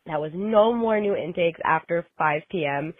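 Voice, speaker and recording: A woman clinician calling in to a hotline to tell a story, lively and laughing at how absurd it was. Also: on the low side, normal speed, no echo. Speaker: caller. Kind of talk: telling a story over a phone hotline. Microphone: phone. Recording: tinny phone line.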